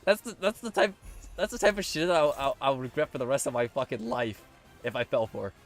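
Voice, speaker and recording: A young man live-streaming a game, swearing often and swinging between squealing pleas and low muttering. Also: brisk, soft background music. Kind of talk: live gameplay commentary.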